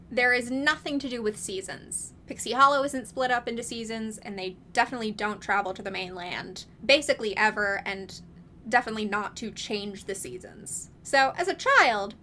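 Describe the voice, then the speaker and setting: A woman's voice: on the high side, pushed and bright, slight background noise. A woman giving casual, opinionated commentary, chatty and wry with frequent laughs and sarcastic asides. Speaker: video essayist reviewing films.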